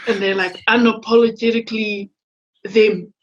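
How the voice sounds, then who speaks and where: A woman's voice: on the high side, fairly even intonation, normal speed, muffled recording. A young woman chatting casually with her brother and a friend, giggly and enthusiastic. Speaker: guest, host's sister. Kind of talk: casual chat with family.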